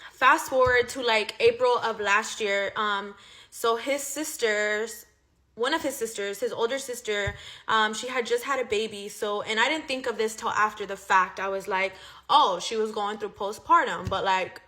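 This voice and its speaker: A young woman spills a personal story in a loose, casual monologue. Her voice sits a little high and comes across bright and sharp. She swears freely and fills her sentences with "like.". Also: moderate pace. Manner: chatty, profane, heavy use of "like".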